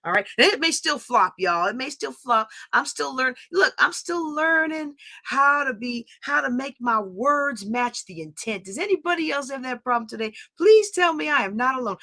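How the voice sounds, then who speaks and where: A middle-aged woman, hosting a live stream class, chatty and talking straight to her viewers, her voice going high and screechy when she gets excited. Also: moderate pace, hardly any pauses. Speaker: podcast host teaching a live class.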